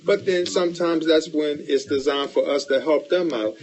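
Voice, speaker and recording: A man's voice: fairly high pitch, normal speed, a little mellow, rough recording. A man co-hosting a podcast in casual chat, with a drawling, folksy, sly way of talking. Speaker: podcast co-host.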